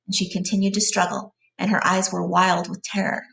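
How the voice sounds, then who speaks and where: Gravelly woman reading a novel aloud. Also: mid-range voice, flat delivery, a little fast, a bit bright, far from the mic, a little hiss or hum. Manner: plain reading with side glosses. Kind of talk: reading aloud with brief explanations.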